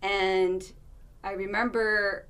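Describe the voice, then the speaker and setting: A woman's voice: mid-range voice, level tone, very slow, a bit bright, clear, resonant tone. A woman in her thirties, an interview guest, telling a personal story in an earnest, candid way, with restarts and asides.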